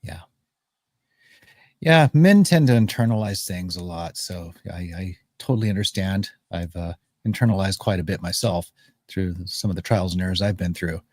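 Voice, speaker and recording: A man hosting a livestream talk show, calm and affirming, with frequent ums. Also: deep voice, moderate pace, no room sound, studio quality. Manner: calm, affirming, filler-heavy. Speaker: host.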